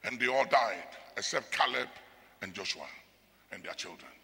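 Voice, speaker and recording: A man preaching a sermon, his delivery swinging from quiet talk to shouted bursts, at times praying in tongues. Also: fairly low pitch, normal speed, gravelly. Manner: speaks in tongues. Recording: long hall reverb.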